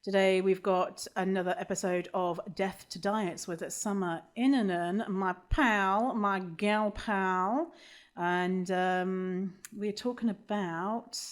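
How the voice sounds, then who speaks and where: A woman's voice: mid-range voice, fairly even intonation, takes it slowly. A woman hosting a podcast in casual chat, joking at her own expense and swearing freely. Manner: self-mocking, swears freely. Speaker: podcast host.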